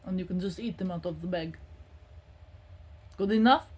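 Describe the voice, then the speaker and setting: A woman's voice: on the low side, moderate pace, slight background noise, close to an everyday voice. A woman putting on a frazzled Ukrainian mother. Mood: exasperated. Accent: put-on Ukrainian.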